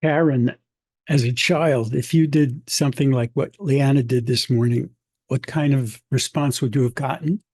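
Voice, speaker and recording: A man hosting the show, introducing the episode and asking gentle, measured interview questions. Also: mid-range voice, fairly even intonation, breathy edge, no echo. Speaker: host and interviewer. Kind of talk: calm narration and interview questions.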